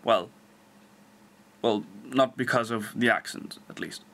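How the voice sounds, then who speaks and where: A man's voice: medium pitch, slow, vocal fry, pushed and bright. A young Dutch man, a non-native English speaker, rambling self-mockingly in a casual vlog. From Netherlands. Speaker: vlogger.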